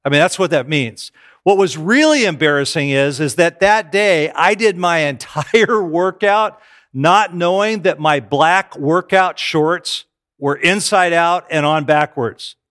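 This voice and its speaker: A man's voice: on the high side, unhurried, fairly bright tone. A middle-aged man preaching a sermon, telling self-deprecating stories to his congregation. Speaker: pastor.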